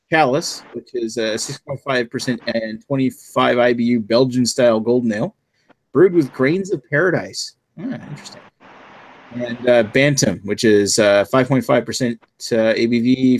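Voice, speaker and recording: A man from New Brunswick, Canada, hosting a casual beer chat and reading the beer news in a rambling, laid-back way with plenty of swearing. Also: medium pitch. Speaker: beer podcast host.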